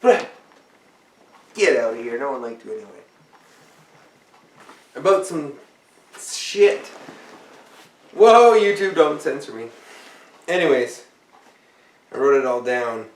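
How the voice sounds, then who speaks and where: A man's voice: mid-range voice, unhurried, pauses often. A tired man vlogging in a rambling, profane, jokey way, yawning as he talks. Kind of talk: casual rambling vlog. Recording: roomy, mic far off.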